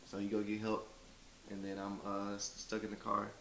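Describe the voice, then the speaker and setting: Man in his 20s, low and flat delivery, conversational storyteller. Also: normal speed, roomy sound, a little hiss or hum, poor audio. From Memphis, Tennessee. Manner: conversational, acts out others' words, frequent "you know". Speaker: interviewee telling his story. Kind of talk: personal storytelling interview.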